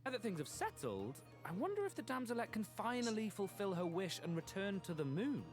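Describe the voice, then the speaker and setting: A man's voice: high-pitched, big pitch swings, brisk. A man co-hosting a scripted game broadcast in a friendly, upbeat way. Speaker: voice actor co-host. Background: background music.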